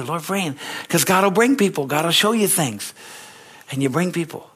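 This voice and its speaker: A pastor preaching a sermon, telling stories with excitement that climbs to shouts, repeating phrases and calling for amens. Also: male voice, fairly high pitch, moderate pace, husky. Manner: repetitive, emphatic phrasing with call-and-response.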